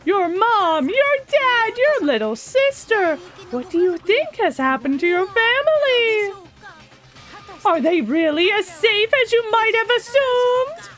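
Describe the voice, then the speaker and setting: Woman reading a childish villain bear: high, bouncy, taunting, sing-song. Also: sing-song, takes it slowly, a bit bright, faint music behind, full character voice. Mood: menacing. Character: mocking villainous male bear mascot. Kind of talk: game dialogue read aloud.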